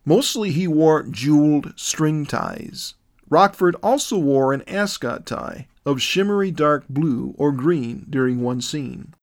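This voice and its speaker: A man narrating a detailed dream account in a measured, descriptive reading. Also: fairly high pitch, expressive.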